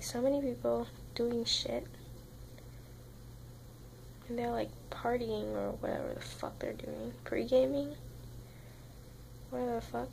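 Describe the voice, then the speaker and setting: A woman's voice: high voice, vocal fry, darkish tone, slight background noise, rough recording. A young woman vlogging in a rambling, casual chat to camera, swearing constantly and sounding tired. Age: young adult.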